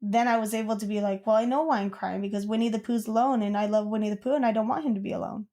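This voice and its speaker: A woman's voice: fairly high pitch, fairly even intonation, very fast, mellow. A young woman co-hosting a podcast, telling a childhood story in casual chat, rambling with lots of "like.". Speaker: podcast co-host.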